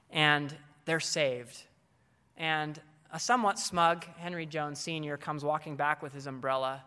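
A man with a fairly high, bright, ringing voice gives advice to a room of teachers. He talks earnestly, like a coach, and stumbles into ums and restarts as he goes. His voice carries a long reverb from a large hall. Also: clean tone. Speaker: teacher speaking to fellow educators. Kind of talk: conference talk.

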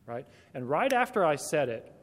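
A man's voice: fairly high pitch, big pitch swings, moderate pace, fairly bright tone. A man speaking directly to teachers in a conversational talk, full of rhetorical questions. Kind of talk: talk to Christian educators. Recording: long hall reverb.

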